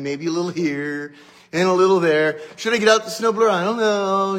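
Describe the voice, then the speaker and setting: A middle-aged man, a pastor, talks casually to his congregation in a chatty, joking way. His speaking voice sits fairly high for a man. He is still getting over a cough. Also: brisk. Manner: chatty, joking, animated asides. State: recovering from a cough. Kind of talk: casual morning livestream chat.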